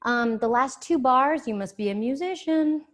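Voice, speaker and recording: A woman's voice: high voice, normal speed, a bit bright. A woman teaching an online dance class from home, counting beats aloud and answering questions in an upbeat, encouraging way, a bit out of breath. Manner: counts beats rhythmically, scats, cheerful and encouraging.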